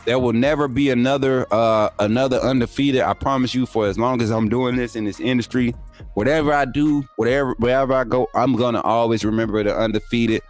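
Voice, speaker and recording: A young man, hosting a sports livestream, reading super chats and teasing viewers in energetic, laughing banter. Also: mid-range voice, fairly quick, faint music behind. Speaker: YouTube sports show host.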